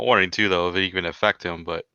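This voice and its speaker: A man's voice: sits low, steady tone, racing, sharp tone, smooth, no room sound. A man chatting casually on a livestream, mostly giving short reactions and the occasional wry musing. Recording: dull, dry mic.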